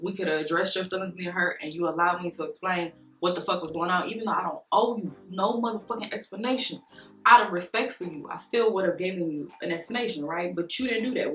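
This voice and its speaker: Her voice is fairly low in pitch yet fairly bright in tone as this woman does her makeup and vents a story with heat, emphasis and swearing. She's a beauty vlogger recorded in a roomy space with faint music playing.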